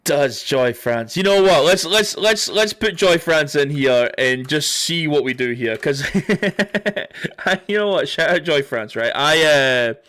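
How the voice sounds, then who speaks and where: A man's voice: fairly high pitch, expressive, slow, fairly bright tone. A man hosting a casual livestream, rambling and swearing often, laughing as he talks. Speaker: livestream host.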